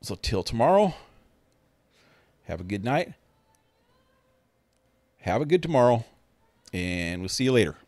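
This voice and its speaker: A man's voice: medium pitch, big pitch swings, a little slow, long pauses, darkish tone, no room sound. A man streaming a game, chatting casually in a laid-back, rambling way with some swearing. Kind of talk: casual chat.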